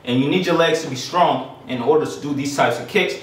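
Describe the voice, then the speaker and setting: In a laid-back martial arts class, a karate instructor walks through basic kicks, chatty and breathless as he demonstrates. His voice is fairly high and fairly quick, picked up by a distant mic in an echoey room.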